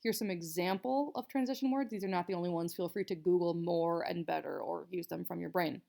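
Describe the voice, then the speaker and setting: A woman's voice: fairly low pitch, brisk, gravelly, dark tone. A young woman teacher explaining a writing assignment to students in a casual, chatty way, with many fillers. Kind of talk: casual recorded writing lesson.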